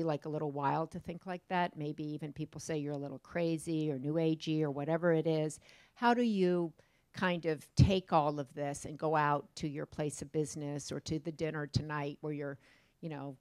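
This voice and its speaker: Female interviewer, low-pitched, casual and rambling, lots of fillers. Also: a little mellow, clean tone, no echo, studio quality. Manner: loose rambling questions with many fillers.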